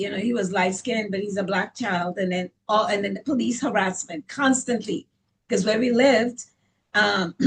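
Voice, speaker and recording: A woman's voice: medium pitch, poor audio. A woman from the Caribbean, a salon owner, telling personal stories bluntly and emphatically as an interview guest, often repeating words as she builds a point. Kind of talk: candid personal storytelling.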